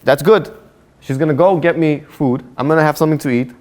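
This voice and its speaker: A man's voice: a little high, fairly quick, darkish tone, pitched above the performer's own voice, close to an everyday voice. A man voicing a greedy, gullible burglar who talks through his schemes, in a storytelling sermon. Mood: scheming. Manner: scheming, eager.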